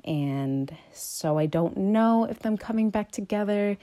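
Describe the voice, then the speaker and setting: A woman vlogger chatting casually and meandering, her voice jumping higher and louder when she gets excited. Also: a little slow, no echo. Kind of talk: casual chat.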